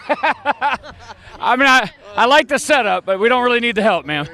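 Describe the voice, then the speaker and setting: Joking male host, high voice, outdoor rally interviews, teasing delivery. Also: lively intonation, a little slow, bright, forceful tone, some chatter behind. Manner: wisecracking, teasing.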